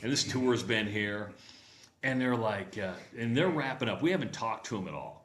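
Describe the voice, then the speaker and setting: A man's voice: medium pitch, expressive, normal speed, echoey room. A man co-hosting a radio show, telling a travel story in casual chat and acting out the voices of people he quotes. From Nebraska.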